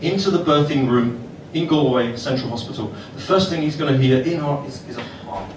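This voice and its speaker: A man's voice: medium pitch, fairly quick. A middle-aged man hosting a comedy club night, working the crowd in a cheeky, swearing stand-up manner. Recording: echoey club from far off, noisy.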